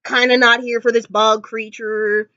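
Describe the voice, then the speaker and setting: Woman vlogger, casual gushing fan recap, high voice, dry slightly lo-fi home recording. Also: little pitch movement, unhurried, pushed and bright, no room sound. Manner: gushing, emotional fan talk with many fillers; close to tears at times. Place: indoors at home.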